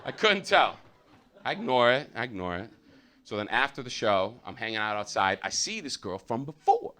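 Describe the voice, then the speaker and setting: American man, stand-up comic, loud, swearing, bright tone, very lively pitch. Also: fairly quick, a little hiss or hum. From United States. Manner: loud, profane, lots of filler uhs. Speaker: stand-up comedian. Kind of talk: live stand-up comedy. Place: comedy theater stage.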